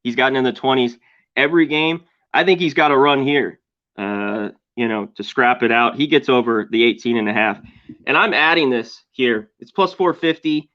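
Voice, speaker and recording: A man's voice: medium pitch, normal speed. Male sports bettor guest, loose and rambling, slightly muffled recording. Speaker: sports betting handicapper. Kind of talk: casual sports betting chat.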